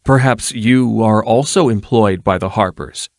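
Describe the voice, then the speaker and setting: A man's voice: fairly low pitch, measured pace, no echo, clean studio sound, voice pushed up. A man reading an audiobook, voicing a proud, fiery half-elf woman with a raised voice. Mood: demanding. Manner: sharp and demanding.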